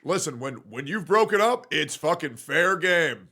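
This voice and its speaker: A man's voice: a little high, animated, measured pace, sharp tone. A man streaming in a casual livestream, talking in a brash, profane, repetitive way.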